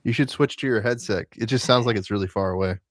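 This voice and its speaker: A man's voice: fairly low pitch, fast, dry recording, studio quality. A man hosting a podcast in casual chat, slangy and joking, saying dude a lot. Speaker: podcast host.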